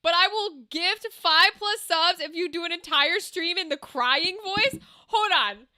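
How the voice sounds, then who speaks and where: Woman streamer, high bright voice, loose and profane with her chat. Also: a little slow. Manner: chatty, swears freely, laughs often. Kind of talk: casual chat with a live stream audience.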